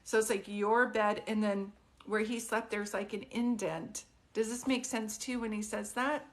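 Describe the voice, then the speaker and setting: Woman, psychic medium on a live stream, gentle and questioning, mid pitch, close phone mic. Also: steady tone, measured pace. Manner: soft, consoling, often asks questions. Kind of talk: live-stream reading, casual and chatty.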